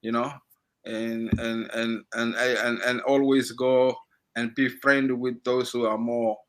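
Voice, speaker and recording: A man in his forties with a Somali accent, an interview guest giving reflective advice, often halting and repeating words as he searches for his phrasing. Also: mid-range voice, little pitch movement.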